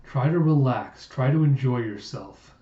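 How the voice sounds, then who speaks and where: A man voicing a stern, commanding older father in a comic readthrough, slow and firm. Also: mid-range voice, animated, dark tone, echoey room, recorded from a distance, lo-fi sound, close to an everyday voice.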